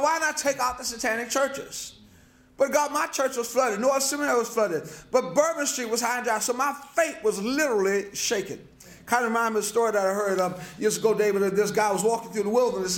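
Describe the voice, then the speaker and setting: A man's voice: extremely high pitch, fairly bright tone, roomy sound. A man preaching a sermon, passionate, with repetitions and stammered restarts. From New Orleans, USA. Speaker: pastor. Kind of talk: sermon lecture. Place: lecture hall.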